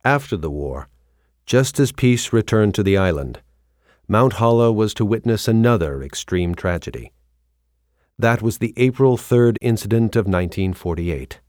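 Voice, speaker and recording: Male documentary narrator, very low pitch, solemn measured delivery, dry close recording. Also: animated, a little mellow, dry recording.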